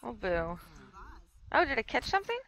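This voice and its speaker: A woman's voice: a little high, very animated, normal speed, a crowd in the background, poor audio. A young woman with a stuffy nose giving casual, rambling let's play commentary, chatting to the characters on screen. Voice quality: rambling, filler-heavy, talks to the game characters. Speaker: gameplay streamer.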